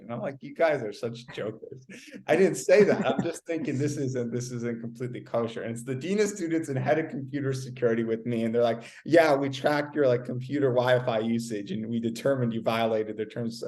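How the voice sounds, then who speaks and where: A young man in his twenties, a podcast guest telling a story in a casual, animated way, often stumbling over repeated words. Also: medium pitch. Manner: animated, repeats words, many "like"s, acts out quoted exchanges. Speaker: interview guest.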